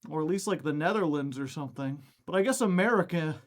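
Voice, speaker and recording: A man's voice: on the high side, animated, fast talker. A young man streaming a game, out of breath after exercise, chatting casually and greeting viewers by name. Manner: chatty, reading out chat names.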